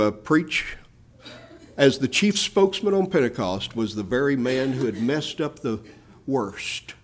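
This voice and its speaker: A man preaching a sermon, addressing his listeners as "my beloved", moving between hushed low phrases and loud rising emphasis.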